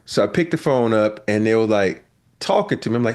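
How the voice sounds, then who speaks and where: A man's voice: on the low side, fast. A middle-aged man, a podcast host and former basketball player, telling stories in casual chat and acting out the quotes. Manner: animated storyteller, acts out quotes with laughs.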